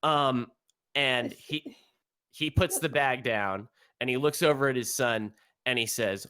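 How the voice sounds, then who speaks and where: A man's voice: medium pitch, measured pace, pushed and bright, clean tone. A man narrating a tabletop game as game master, rambling with many fillers.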